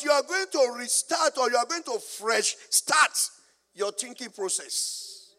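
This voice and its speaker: A man's voice: very high voice, a bit bright, in a large hall. A man with a Nigerian accent preaching a sermon, drawing answers from the congregation and telling humorous stories. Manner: call-and-response preaching, asking the congregation to finish his lines; storytelling with humor. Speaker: pastor.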